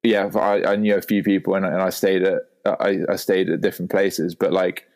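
A man's voice: deep voice, little pitch movement, moderate pace, darkish tone. A young man from England with a posh London English accent, chatting as a podcast guest, hesitant and stammering. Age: 20s. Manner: hesitant, stammering, self-conscious. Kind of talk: casual chat.

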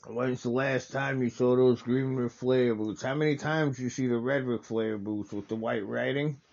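A man's voice: mid-range voice, fairly even intonation, moderate pace, darkish tone, dull audio. A man hosting a casual wrestling watch-along, talking in a rambling, enthusiastic way with lots of fillers and restarts.

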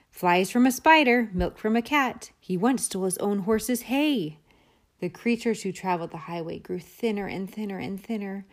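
A woman reading a children's picture book aloud in an expressive, rhythmic way. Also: fairly low pitch. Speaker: storybook reader.

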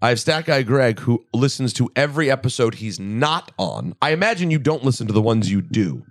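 A man hosting a podcast in casual chat, joking and excitably teasing his co-hosts. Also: mid-range voice, no echo, studio quality. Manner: joking, excitable, quick to tease. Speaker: podcast host. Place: podcast studio.

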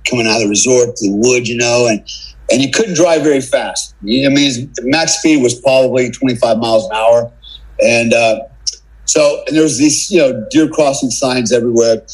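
A middle-aged American man with a husky, medium-pitched voice talks at a normal speed on a low-quality recording. He's a podcast guest telling a casual, salty story full of swearing, and he keeps tacking "man" and "right?" onto his lines.

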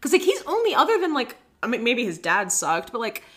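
A woman co-hosts a casual film podcast, riffing loosely with plenty of fillers and laughs. Her voice sits a bit high and moves with lively ups and downs. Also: brisk. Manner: animated, swearing, lots of fillers and laughs. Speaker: podcast co-host. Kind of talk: casual movie-discussion chat.

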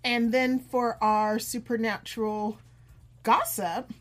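A woman's voice: fairly high pitch, slow. Enthusiastic woman co-hosting a podcast. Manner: enthusiastic fan, animated storytelling. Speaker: podcast co-host. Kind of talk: casual chat.

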